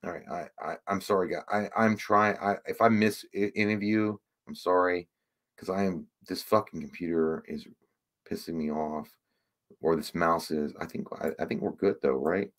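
A man's voice: low voice, fairly even intonation, normal speed. A man hosting a casual livestream, rambling and swearing, easily frustrated. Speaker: livestream host.

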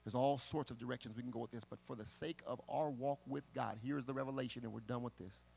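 A pastor preaching a live sermon at a church service, impassioned and building to forceful rhythmic declarations. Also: male voice, mid-range voice, fast, vocal fry, a little hiss or hum. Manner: impassioned preaching with repeated calls of "listen to me".

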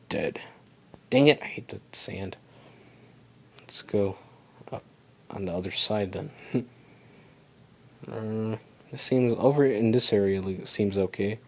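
Young male let's-play host, low voice, chatty and rambling self-talk. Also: slow pace, pauses often. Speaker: gaming channel host. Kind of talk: casual let's play commentary.

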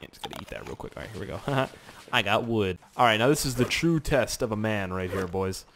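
A man's voice: on the low side, lively intonation, a little fast, a bit bright, a little hiss or hum. A young man casually commenting on a survival game he is playing, rambling, joking and swearing a lot. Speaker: gaming YouTuber. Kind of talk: casual let's-play commentary.

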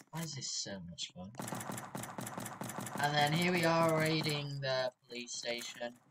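A young woman talks through her game in a chatty commentary style. Her voice is bright and unhurried, and her pitch leaps around, breaking into screams. A faint background noise sits under her. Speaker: gaming YouTuber. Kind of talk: gameplay commentary.

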